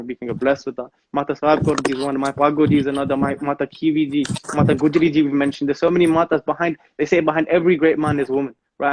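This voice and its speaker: Earnest man, fairly high voice, rapid delivery, dull lo-fi audio; devotional talk peppered with Punjabi. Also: darkish tone, no room sound. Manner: earnest, mixes in Punjabi phrases. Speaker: guest speaker on a live stream.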